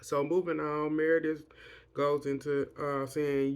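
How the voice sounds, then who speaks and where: Gravelly-voiced man with a fairly high pitch. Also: level tone, measured pace. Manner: blunt, profane, rambling retelling with restarts. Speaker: reality TV recap vlogger. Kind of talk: casual recap and opinion.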